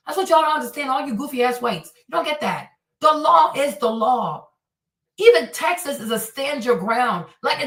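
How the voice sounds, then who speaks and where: A woman hosting a reaction stream, ranting loudly and mockingly with lots of swearing. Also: high-pitched, roomy sound, recorded from a distance. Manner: loud, profane, mocking rants. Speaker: streamer host.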